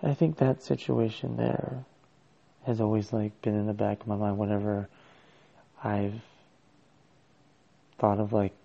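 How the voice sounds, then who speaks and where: A man's voice: fairly low pitch, little pitch movement, a little slow, creaky, long pauses, dark tone, lo-fi sound. A man telling a personal story as a father, in a casual, hesitant and rambling way with many restarts.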